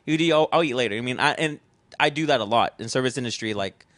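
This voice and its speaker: A man's voice: medium pitch, fast talker, a bit bright, dry recording. A young adult man telling a rambling story in casual chat, swearing freely and acting out what he said at the time. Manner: rambling storytelling, swears casually, acts out his own past lines. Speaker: podcast guest, festival founder.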